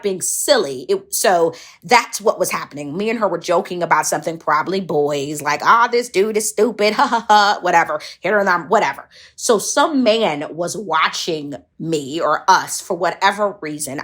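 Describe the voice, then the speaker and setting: A woman's voice: deep voice, a bit bright, breathy edge. A woman around forty from Michigan telling a personal story in a blunt, profane, self-mocking way. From Saginaw, Michigan, US. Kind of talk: casual storytelling monologue.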